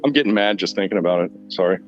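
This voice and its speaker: A man's voice: low-pitched, rapid-fire, faint music behind. A man hosting a podcast, telling rambling stories in a blunt, profane way. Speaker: podcast host. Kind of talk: casual chat. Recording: dull lo-fi sound.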